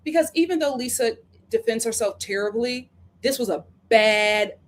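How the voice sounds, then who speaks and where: A woman's voice: fairly high pitch, moderate pace. A woman hosting a live review of a reality show, talking casually and acting out the cast members' lines as she recaps.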